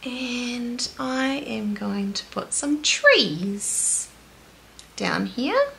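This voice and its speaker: A woman's voice: fairly high pitch, big pitch swings, drawn-out words, gravelly, a bit bright, slight background noise. A woman with a New Zealand accent teaching toddlers in a sing-song, encouraging way, with delighted gasps. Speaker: children's teacher. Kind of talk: slow, animated toddler lesson.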